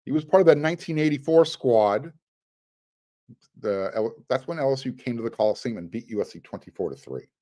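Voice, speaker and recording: Male sports podcast host, lively pitch, mellow dark tone, excited casual talk. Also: brisk. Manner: excited, rattles off names.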